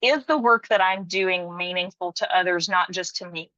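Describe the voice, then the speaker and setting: Bright-voiced woman guest, sincere and reflective. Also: on the low side, moderate pace, dry recording, muffled recording. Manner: reflective and sincere, speaks of faith, laughs lightly. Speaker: podcast guest. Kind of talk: casual interview chat.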